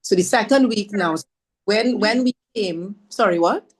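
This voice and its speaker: A woman from Trinidad, a podcast guest telling her story in an animated, self-mocking way. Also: mid-range voice, measured pace, breathy edge. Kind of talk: storytelling conversation.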